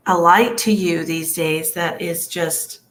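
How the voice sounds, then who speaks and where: A woman's voice: on the low side, takes it slowly, a bit bright. A woman psychic medium giving an emotional, earnest live-streamed reading, soothing and rambling with many fillers. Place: home livestream.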